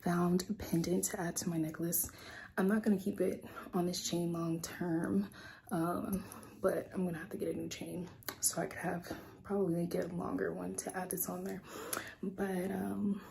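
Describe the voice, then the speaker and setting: Gravelly low-voiced American woman vlogger. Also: level tone, normal speed. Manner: chatty, upbeat, often drops to a soft whisper. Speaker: travel vlogger. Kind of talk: casual vlog talk to camera.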